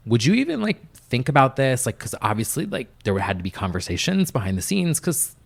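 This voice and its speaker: A young man talks as a podcast guest, rambling through his stories with plenty of "like" and quick asides. His voice sits at an ordinary middle pitch, and he sounds easy and conversational. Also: very animated, gravelly. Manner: chatty, filler-heavy storytelling with many "like"s. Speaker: podcast guest, music producer. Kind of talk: casual interview chat.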